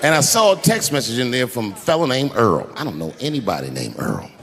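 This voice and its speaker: A man telling stand-up comedy stories, acting out the people in them and dropping to a hushed mumble for sheepish asides. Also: mid-range voice, brisk, vocal fry. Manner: animated, acts out the voices of people in his stories.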